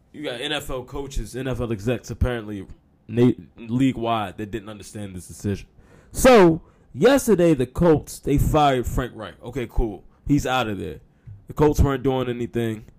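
A man's voice: fairly low pitch, a little mellow. A man hosting a sports talk show, speaking casually with sarcastic, mock-apologetic humor and frequent y'all.

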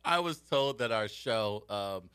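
Male co-host, bright voice, laughs a lot, animated storyteller. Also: medium pitch, moderate pace. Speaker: radio show co-host. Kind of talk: casual banter.

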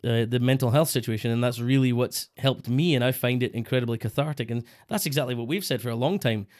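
A man co-hosting a podcast in casual, chatty banter. His voice sits at an ordinary middle pitch. He laughs often and keeps slipping into silly put-on voices. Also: quick pace, a little mellow. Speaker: podcast co-host.

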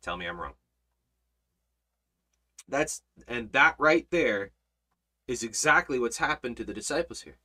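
Bright, emphatic man preaching. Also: mid-range voice, animated, a little slow, long pauses. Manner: emphatic, repeats words, swings loud and soft. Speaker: Bible study teacher. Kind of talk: preaching Bible study.

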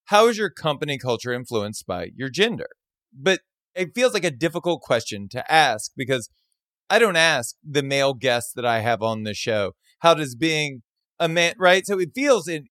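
A man's voice: fairly high pitch, a bit bright, dry recording, clean studio sound. A man hosting a show, asking his guest a question with care and questioning himself as he goes. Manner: careful and self-questioning. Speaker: podcast host. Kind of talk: interview questions.

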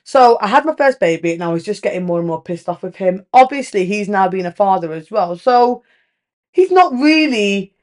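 A woman's voice: mid-range voice, normal speed. A woman in her thirties, hosting a podcast, tells a candid, emphatic story and swears casually. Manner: animated storytelling with lively rises. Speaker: podcast host. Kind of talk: candid relationship podcast monologue.

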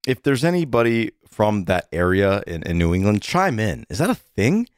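Middle-aged man, podcast co-host, lively swooping pitch, low voice, dry close sound, chatty with fillers. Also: normal speed, clear, resonant tone, no echo. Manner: animated, chatty, with many fillers. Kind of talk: casual chat and read ad.

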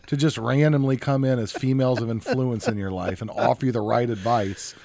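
A man's voice: mid-range voice, steady tone, a little fast, creaky, a little mellow, dry recording. Male podcast co-host, mid voice, sarcastic friendly banter, dry close-miked sound. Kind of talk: casual chat.

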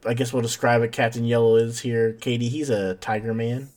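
A man's voice: medium pitch, level tone, brisk, a little mellow. A man hosting a podcast, recapping an episode in a casual, jokey way and calling his cohosts by name. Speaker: podcast host.

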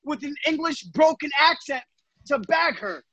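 A man's voice: very high voice, lively intonation, moderate pace, pushed and bright, lo-fi sound. A man co-hosting a casual podcast chat, telling stories with animation, cutting in and swearing. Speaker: podcast co-host.

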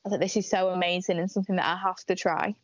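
A woman's voice: lowish voice, steady tone, very fast, no room sound. A teenage girl from the UK answers viewer questions in a casual live-streamed interview. She is chatty and a little hesitant, filling gaps with ums and likes. The sound is dull and lo-fi, with a dry, close feel. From United Kingdom. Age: teens. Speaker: interview guest, teen pageant winner.

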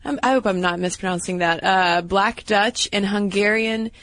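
A woman co-hosting a casual podcast, talking through history in a chatty, explanatory way. Her voice sits at a middle pitch, recorded close on a dry studio mic. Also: normal speed, a bit bright, no room sound, poor audio. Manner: chatty, explanatory, unsure of some pronunciations. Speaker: podcast co-host.

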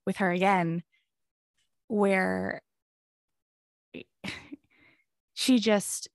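A woman's voice: mid-range voice, steady tone, very slow, vocal fry, no echo. A woman in her thirties speaks as a podcast guest, telling a personal story in a candid, earnest way. She rambles and restarts, with a natural mid-range voice. The recording is close and dry, with no room sound.

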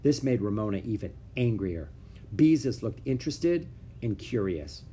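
A man reading a children's book aloud with expressive storytelling. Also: on the low side, normal speed, a little hiss or hum. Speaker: narrator.

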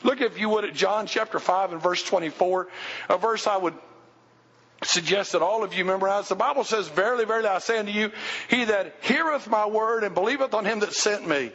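A man's voice: high-pitched, fairly quick, a bit bright, in a large hall, muffled recording. A male pastor preaching a sermon, speaking emphatically and putting questions to the congregation. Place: church sanctuary.

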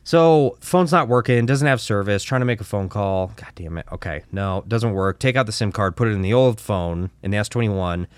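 A man co-hosting a casual podcast, telling a story in an animated way, acting out dialogue and swearing. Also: fairly low pitch, normal speed, few pauses, smooth, dry recording. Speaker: podcast co-host.

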